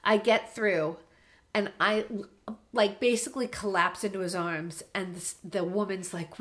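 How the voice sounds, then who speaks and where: Animated woman telling a travel story. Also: mid-range voice, a little slow. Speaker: podcast co-host. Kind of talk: casual storytelling.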